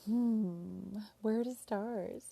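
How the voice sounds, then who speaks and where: A woman host telling a personal story in an emotional, halting way, sometimes dropping to a whisper. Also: mid-range voice, gravelly, warm tone, breathy edge. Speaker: podcast host sharing her story.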